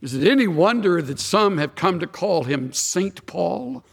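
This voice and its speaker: Male pastor, high-pitched, emphatic sermon delivery with rhetorical questions, long hall reverb. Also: very animated, a little slow, vocal fry, husky.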